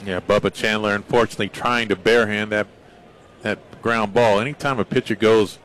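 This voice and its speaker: A man giving baseball color commentary, measured and analytical in tone. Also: lowish voice, steady tone, fairly bright tone, slight background noise.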